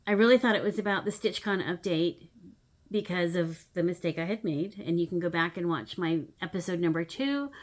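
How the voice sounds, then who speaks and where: Middle-aged woman, hobby vlog host, casual and animated, soft asides, lots of "um"s. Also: lowish voice, brisk. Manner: animated storyteller, swings between loud acted-out moments and soft asides; chatty with frequent "um" fillers. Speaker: needlework channel host.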